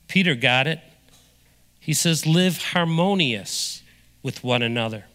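A man preaching a sermon as pastor, energetic and drawing the congregation into call-and-response. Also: high-pitched, slow pace. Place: church sanctuary. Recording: long reverb of a large hall.

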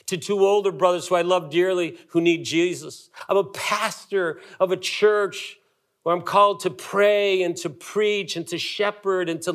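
A man in his fifties, a pastor delivering a sermon emphatically, with dramatic pauses and repetitions. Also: a little high, fairly bright tone.

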